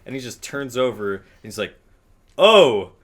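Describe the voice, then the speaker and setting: A man's voice: mid-range voice, brisk. A young man casually telling a long rambling story while playing a game, with lots of fillers and swearing.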